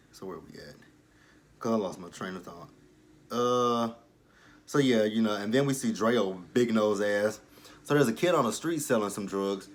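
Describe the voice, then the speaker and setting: A man's voice: mid-range voice, a little hiss or hum. A young man casually recapping a TV episode, blunt and profane, with exasperated asides and frequent restarts. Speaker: show recapper.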